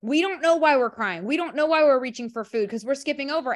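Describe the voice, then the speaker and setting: Emphatic high-voiced woman coach. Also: animated, fast. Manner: emphatic, leans on "literally" and "like", restarts often. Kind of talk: group coaching call.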